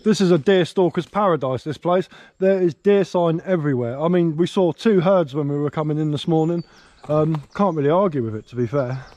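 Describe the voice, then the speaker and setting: Brief: English man, outdoor vlogger, easygoing ramble, mellow tone, slightly raised pitch, on-camera mic in woodland. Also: fairly quick, few pauses, no echo. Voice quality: slight slurring from a missing tooth. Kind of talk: casual outdoor vlog. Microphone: handheld camera. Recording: faint outdoor noise, birdsong.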